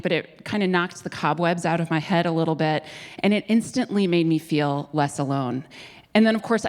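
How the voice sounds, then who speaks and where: Live-event host: woman, lower voice, chatty and upbeat, in a hall with long reverb. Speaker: guest host. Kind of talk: live stage interview. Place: theater stage before an audience.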